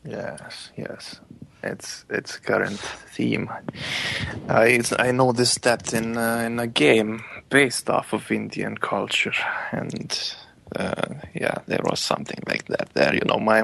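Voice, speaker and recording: A man chats on talk radio in a slow, flat, gravelly low voice. He halts often and searches for words. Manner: hesitant, halting. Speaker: radio show talker. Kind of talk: casual chat on talk radio.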